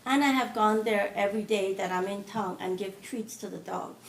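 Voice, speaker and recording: A woman giving an earnest public comment at a city meeting, recounting events and quoting others in quick, pleading bursts. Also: mid-range voice, slight background noise. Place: city commission chamber. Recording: roomy chamber audio, distant mic.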